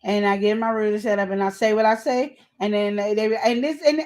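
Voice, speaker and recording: A woman's voice: mid-range voice, fairly even intonation, a little fast, hardly any pauses, darkish tone. A middle-aged woman co-hosting a podcast, talking casually and animatedly, telling stories from home in a colloquial way. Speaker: podcast co-host. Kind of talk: casual advice chat.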